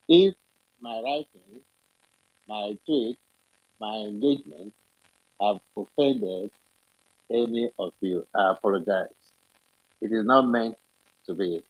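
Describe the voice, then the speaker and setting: Brief: older man, husky, low-pitched, slow and deliberate. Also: dry recording, rough recording. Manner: measured, apologetic, slow and deliberate. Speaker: guest politician. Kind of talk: live audio chat room.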